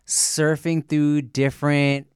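A man's voice: fairly high pitch, level tone, slow, clean tone, dry recording, studio quality. A man co-hosting a podcast in casual chat, laid-back and slangy with lots of fillers. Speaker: podcast co-host.

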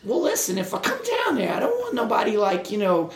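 Guy putting on a squeaky, full-of-himself rock star, voice leaping all over, big echoey room. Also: huge pitch swings, a little fast, exaggerated voice. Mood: self-important. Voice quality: high, strained voice breaking into shouts. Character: paranoid, self-important rock star man, hot-tempered. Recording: roomy echo.

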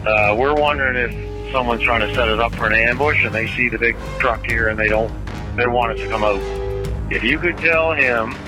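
Male officer, mid-pitched, clipped radio updates, archival call with music playing underneath. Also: normal speed, rough recording. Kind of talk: radio dispatch. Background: music bed.

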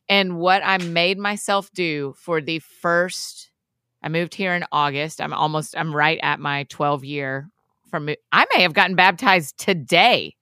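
A woman co-hosting a podcast in casual chat, chatty, with quick asides and frequent laughs. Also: low-pitched, sharp tone, smooth, dry recording, studio quality. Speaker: podcast co-host.

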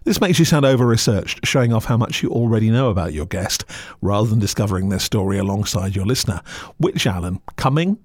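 A man's voice: fairly low pitch, lively intonation, fast, darkish tone, dry recording, studio quality. A man hosting a podcast, narrating scripted reviews in a sardonic, mocking way. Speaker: podcast critic host.

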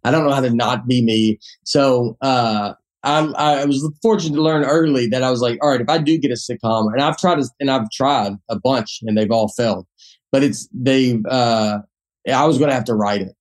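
A man's voice: medium pitch, normal speed. A man in his forties with a Southern accent, a comedian talking casually on a podcast, rambling with many restarts. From Tennessee. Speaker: comedian guest.

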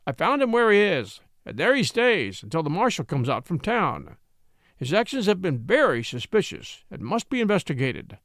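Guy doing a brusque angry farmer, sharp and short, audiobook. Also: high-pitched, very animated, moderate pace, dry recording, studio quality, full character voice.

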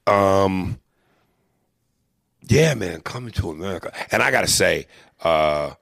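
Gravelly, animated man chatting profanely. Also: sits low, unhurried, no echo, studio quality. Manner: animated, profane, breaks into impressions. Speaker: podcast co-host. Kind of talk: casual chat. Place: hotel room.

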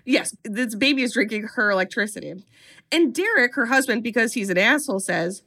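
A woman co-hosting a comedy podcast, recapping a horror film with lively storytelling and sarcastic asides. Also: on the high side, brisk.

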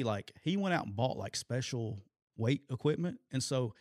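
A middle-aged ex-football coach shares stories in casual sports talk, laughing often and loudly acting out what others told him. His voice is mid-range at a normal speed. The studio-quality recording has no room sound.

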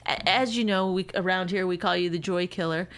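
A woman's voice: fairly low pitch, fairly quick. A middle-aged woman co-hosting a podcast, trading sarcastic comebacks with her husband in casual chat. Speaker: podcast co-host.

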